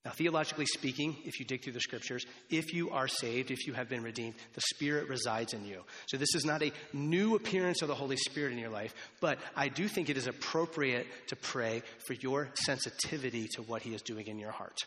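A male pastor preaches a sermon in a church sanctuary, talking conversationally with rambling asides and restarts. His medium-pitched, fairly bright voice moves briskly with hardly any pauses, and the recording carries a long hall reverb.

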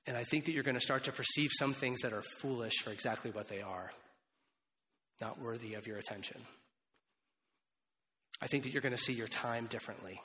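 Pastor preaching in a reverberant church hall. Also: male voice, medium pitch, a little fast, long pauses, sharp tone. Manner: conversational, rambling asides with many restarts. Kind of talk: sermon. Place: church sanctuary.

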